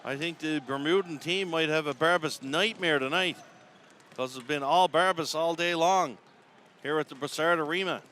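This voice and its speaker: This play-by-play commentator, a Newfoundlander from Canada with a Newfoundland accent, calls a live game from the top of an indoor arena. His voice is fairly high, bright, and forceful at a moderate pace, chatty and folksy with chuckles between calls, over a little hiss or hum.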